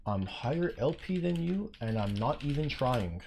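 A man's voice: medium pitch, very animated, normal speed, gravelly, a little hiss or hum. Profane young man ranting, swinging wildly. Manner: profane, indignant ranting, bursts into yelling. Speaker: game streamer. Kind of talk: live stream commentary.

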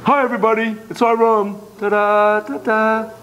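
A man voicing cheerful little toy dolls that greet everyone in a high, playful, sing-song way. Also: little pitch movement, moderate pace, a bit bright, a little hiss or hum, rough recording.

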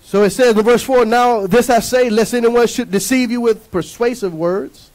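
A male pastor with a strikingly high voice preaches with fervor, firing questions at the congregation and waiting for them to answer. His delivery is emphatic, rhythmic and full of call-and-response. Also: normal speed, a little mellow, rough recording. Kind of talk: sermon.

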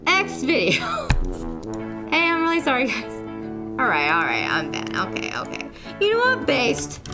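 A woman's voice: high voice, huge pitch swings, normal speed, over loud music. A woman streamer reacting live and reading chat messages aloud, playful and teasing, with sudden shrieks and mock outrage.

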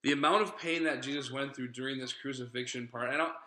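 Brief: bright-voiced male pastor, casual earnest sermon, echoey church. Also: medium pitch, fairly even intonation, quick pace. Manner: earnest, conversational preaching with asides to listeners. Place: church sanctuary.

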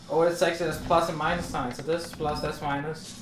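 A man's voice: a little high, level tone, quick pace, reverberant, far from the mic, slight background noise. A man commenting on a VR game as he plays, talking to himself and yelping when he gets frustrated. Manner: frustrated, talks to himself, yelps. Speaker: gamer. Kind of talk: let's play commentary.

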